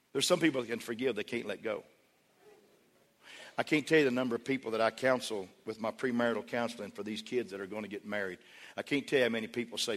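A middle-aged man preaching a sermon as pastor, emphatic, with call-and-response to the congregation and climaxes that rise toward shouting. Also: medium pitch, a little fast, pauses often, a faint crowd. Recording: long reverb of a large church hall.

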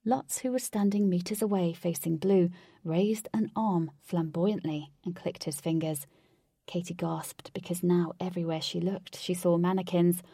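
A woman narrating a story in a measured, soft-spoken way. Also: lowish voice, creaky, slightly rough, no echo, studio quality.

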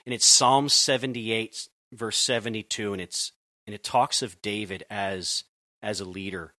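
A man from Connecticut, working as a youth pastor, speaks in a lowish, bright voice on a dry, close recording. He tells his story earnestly and in a conversational way, often restarting his sentences. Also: fairly even intonation, measured pace, no echo. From Connecticut, USA. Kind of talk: conversational podcast interview.

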